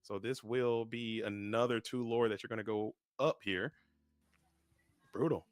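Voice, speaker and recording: A man casting a live trading card game match in a quick, chatty way, joking between plays and restarting his sentences. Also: on the low side, fairly even intonation, no room sound, clean studio sound. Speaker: caster.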